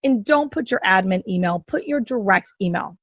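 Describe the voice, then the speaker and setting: A woman's voice: mid-range voice, expressive, moderate pace, no room sound. A middle-aged woman podcast host coaching listeners in a sassy, emphatic monologue, repeating phrases for punch.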